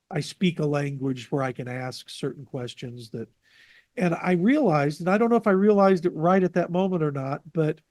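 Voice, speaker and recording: A man being interviewed over a video call, telling lively anecdotes and acting out the people he quotes. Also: mid-range voice, no echo. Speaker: interview guest, jazz radio producer.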